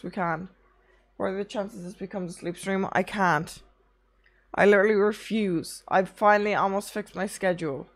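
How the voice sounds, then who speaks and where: A young woman streaming, chatting casually with her chat, tired from little sleep, rambling through anecdotes and swearing often. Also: medium pitch.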